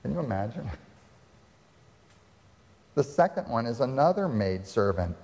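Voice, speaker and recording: A man's voice: medium pitch, very animated, normal speed, long pauses, a little mellow. A man preaching a sermon as pastor, retelling scripture dramatically and asking the congregation rhetorical questions. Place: church sanctuary. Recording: long reverb of a hall.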